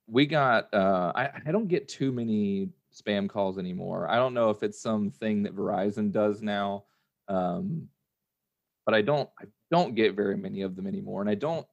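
A man's voice: lowish voice, normal speed, vocal fry. A man hosting a casual podcast chat, talking hesitantly and restarting his sentences with fillers. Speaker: podcast host.

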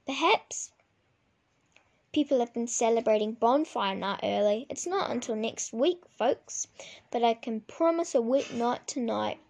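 Jovial folksy weatherman, mellow, slight gravel, as a woman reads him. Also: a little high, measured pace. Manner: chatty, folksy. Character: chatty male weatherman, jovial.

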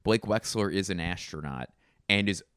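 A man hosting a comedy podcast, rambling through deadpan absurd asides. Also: sits low, normal speed, smooth, dry recording, studio quality. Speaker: podcast host.

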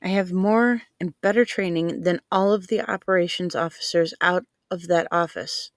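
A woman voicing a young, highly trained female agent who speaks evenly while frustrated. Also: normal speed, dry recording, studio quality, natural voice. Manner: even, frustrated.

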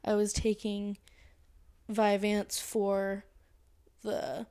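A woman's voice: medium pitch, monotone, very slow, warm tone, clean tone. A woman co-hosting a podcast, chatting casually and candidly with lots of fillers. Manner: chatty, candid, says like a lot. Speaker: podcast co-host.

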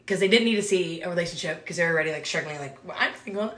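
A woman's voice: lowish voice, racing, fairly bright tone. A woman who leads a small group, chatting casually about faith, rambling, filling with "like" and laughing often. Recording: roomy echo.

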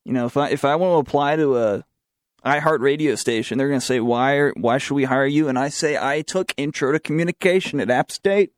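Fairly quick and mid-range in voice, this young man from the southern U.S. hosts a student talk show, his Southern accent carrying sarcastic takes and news read aloud. It plays like an opinionated talk radio monologue, recorded at studio quality without echo.

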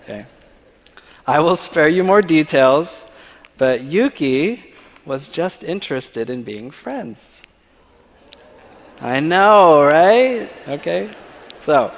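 A man giving a personal testimony at church, telling his story and often checking in with the audience with "okay?". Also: fairly high pitch. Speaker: church speaker. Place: church sanctuary. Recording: long reverb of a large hall.

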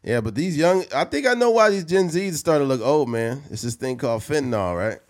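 A man in his late thirties hosting a casual podcast chat, loud and profane, joking, his voice jumping up for punchlines. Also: a little high, lively intonation, a little fast. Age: 30s. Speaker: podcast host.

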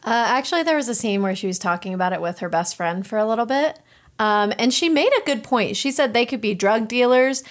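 A woman's voice: a little high, a little fast. A woman, the podcast's producer, chiming in casually with hesitant fillers and corrections. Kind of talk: casual chat.

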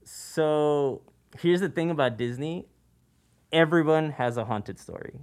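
A man telling a lively, animated workplace ghost story. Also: a little high, measured pace. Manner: animated, acts out voices in anecdotes. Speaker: podcast guest, former theme park worker. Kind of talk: casual storytelling chat.

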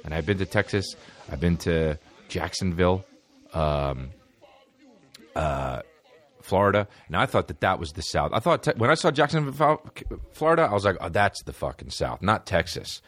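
A man's voice: low voice, lively intonation, normal speed. A man hosting a podcast, talking in a rambling, profane, comedic monologue from a studio. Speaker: podcast host.

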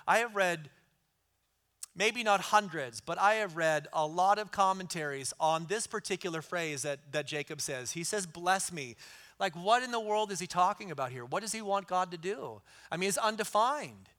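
A man's voice: sits high, moderate pace, sharp tone. A middle-aged man preaching a sermon in an earnest way, repeating key lines for emphasis. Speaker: pastor.

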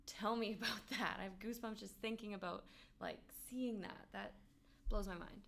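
Woman interviewer with a gravelly, creaky voice at a medium pitch. She keeps the talk casual and encourages the guest often with mm-hmms. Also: steady tone, moderate pace, fairly bright tone.

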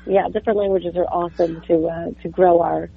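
A woman from New York with a New York accent, a voice actor chatting as a guest in an interview, a little sharp and sarcastic. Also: on the low side, little pitch movement, fairly quick, vocal fry, slightly rough. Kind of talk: casual interview chat. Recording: tinny phone-like line.

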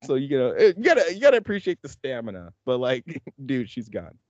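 A man's voice: medium pitch, wildly swooping pitch, brisk, a little mellow, no echo, dull audio. A man hosting a podcast in casual chat, rambling and laughing often as he talks. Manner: rambling, laughs often, acts out movie lines. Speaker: podcast host.

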